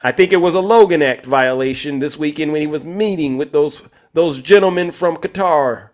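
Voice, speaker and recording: A man with a slightly higher voice hosts a live stream. He argues with callers and keeps turning back to his chat audience in a combative way. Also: normal speed. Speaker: livestream host.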